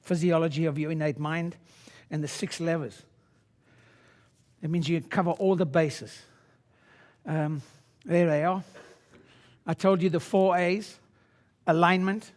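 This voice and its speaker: A man in his sixties, a chiropractor giving a live seminar talk, blunt and swaggering with salty language and sudden loud shouted bursts. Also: fairly high pitch, fairly even intonation, a little slow, long pauses.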